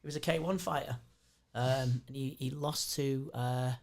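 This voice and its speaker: Give me a man with a gravelly voice chatting bluntly on a podcast, cursing as he goes. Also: mid-range voice, steady tone, moderate pace, a little mellow. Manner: blunt, swears freely, restarts sentences. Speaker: podcast guest. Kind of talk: casual chat. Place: podcast studio.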